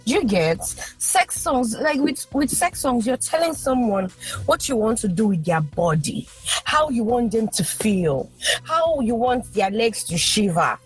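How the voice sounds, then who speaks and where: A young adult woman guest on a podcast, talking frankly and emphatically in casual chat, with fast animated bursts. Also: a little high, husky, faint music behind.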